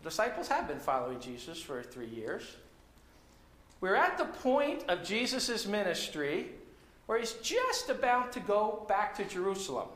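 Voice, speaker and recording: A male pastor preaching a sermon, telling a story in an animated way and acting out the dialogue. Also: sits high. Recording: echoey room.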